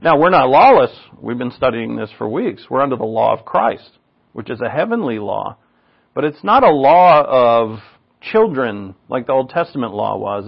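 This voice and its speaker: Gravelly older male pastor, casual sermon. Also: mid-range voice. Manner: casual, rambling, with asides and restarts. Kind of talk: conversational sermon. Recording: dull lo-fi recording.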